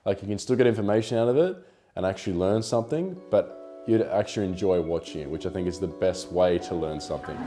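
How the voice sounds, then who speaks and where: A man's voice: deep voice, quick pace. A young Australian man talking casually in an interview, rambling with lots of "like" and the odd swear word. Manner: relaxed, rambling, with filler "like" and swearing. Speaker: photographer and YouTuber being interviewed. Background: faint background music.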